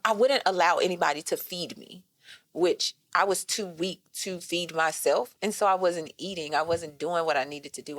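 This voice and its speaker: A woman in her thirties recounts her own story in a candid, animated podcast chat. Her voice sits on the low side and the recording is dry and close. She leans in with casual asides to her listeners. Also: no echo. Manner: animated storytelling, addresses listeners as "y'all" and "girl". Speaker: guest. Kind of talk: personal storytelling in a podcast conversation.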